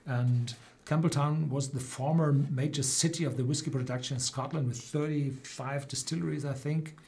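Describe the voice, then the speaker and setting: A man, a German native speaker, hosting a whisky tasting livestream and explaining the regions with many pauses and restarts. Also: mid-range voice, steady tone, a little mellow. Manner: hesitant, many fillers and restarts.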